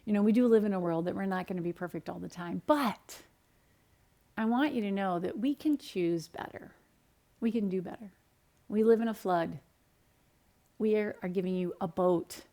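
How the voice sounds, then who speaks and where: A middle-aged woman dietitian from the United States, giving an upbeat, animated talk in her home kitchen and acting out the people in her stories. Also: mid-range voice, moderate pace, long pauses. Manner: upbeat, animated, acts out quoted dialogue. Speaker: dietitian and speaker. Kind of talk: direct-to-camera talk with storytelling.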